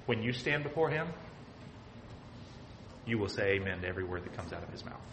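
A man's voice: lowish voice, lively intonation, brisk. Emphatic male preacher with faint hiss. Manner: emphatic, often asks "okay?", swings from loud to hushed. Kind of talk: sermon.

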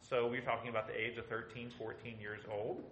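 A man's voice: mid-range voice, flat delivery, fairly quick, roomy sound, background noise. A man teaching a Bible study, speaking emphatically and asking his listeners rhetorical questions.

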